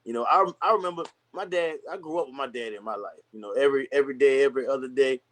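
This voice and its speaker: A man's voice: medium pitch, fast talker, fairly bright tone. Candid young man speaking plainly. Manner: candid, storytelling, acts out voices in anecdotes. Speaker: podcast guest. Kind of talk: casual conversation.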